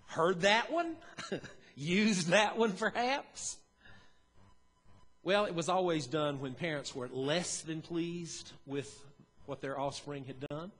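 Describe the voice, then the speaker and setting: A man's voice: on the high side, fairly bright tone. Folksy preacher man, church reverb. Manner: folksy, storytelling, chuckles often. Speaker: pastor. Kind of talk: sermon. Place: church sanctuary. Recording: long church hall reverb.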